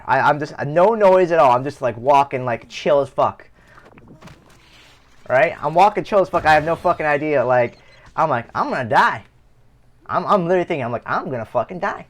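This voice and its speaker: A man's voice: fairly high pitch, expressive, normal speed. A young man streaming live, telling a rambling personal story with heavy swearing and many restarts. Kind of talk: casual storytelling.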